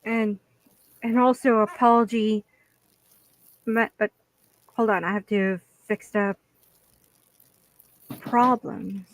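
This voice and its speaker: A woman speaking in a halting, hesitant way with many restarts, making an apology video. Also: medium pitch, steady tone, low-quality recording. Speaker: vlogger.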